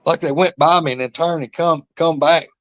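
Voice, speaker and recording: A man's voice: fairly high pitch, steady tone, a little fast, a bit bright, no room sound. A man telling a long rambling story in casual chat, addressing listeners as y'all. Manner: drawling rural storyteller, calls listeners y'all. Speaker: podcast host.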